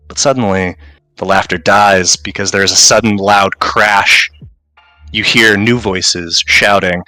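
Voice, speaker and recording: A man's voice: on the low side, pushed and bright, no echo, rough recording. A man running a tabletop role-playing game, narrating a tense scene in vivid second-person storytelling. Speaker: game master.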